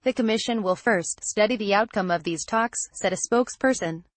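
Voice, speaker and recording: A woman narrating a trade-policy newsletter as scripted news, with a measured, even delivery. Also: medium pitch, no room sound.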